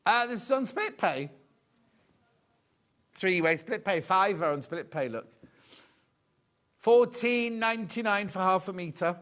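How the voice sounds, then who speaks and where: A man with a slightly high voice hosts a live TV shopping show from a studio. He keeps up cheerful, chatty sales patter, calls out prices and chats with the crew off camera. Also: expressive, measured pace, pauses often, a bit bright. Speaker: shopping channel presenter.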